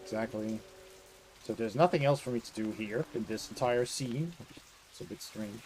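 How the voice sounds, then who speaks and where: A man's voice: lowish voice, moderate pace, a little hiss or hum. A Dutch man streaming a video game, chatting casually with his viewers and laughing often. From Netherlands. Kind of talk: casual live-stream chat while playing. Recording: game music behind.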